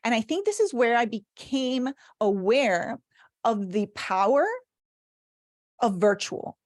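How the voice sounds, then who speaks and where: A woman in her thirties, from Cuba, telling a personal story in a lively talk and acting out bits of the dialogue. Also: fairly high pitch, slow, no room sound, studio quality. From Cuban. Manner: animated storyteller, laughs often, acts out dialogue. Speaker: speaker and leadership consultant.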